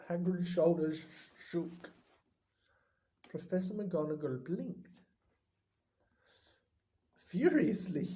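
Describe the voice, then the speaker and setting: Storybook narrator, slow and expressive, low mellow tone. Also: rough recording. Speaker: audiobook reader.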